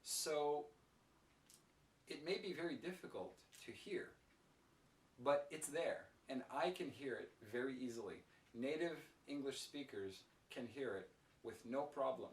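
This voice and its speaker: A man teaching an English pronunciation lesson, speaking slowly and clearly with careful pronunciation. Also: mid-range voice, animated, echoey room, recorded from a distance.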